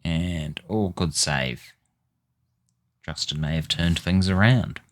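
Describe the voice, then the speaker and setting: A man with a low, deep voice talks through a football management game in an unhurried drawl. He grumbles, swears and mutters at his team in exasperation. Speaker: gaming YouTuber. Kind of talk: casual gameplay commentary.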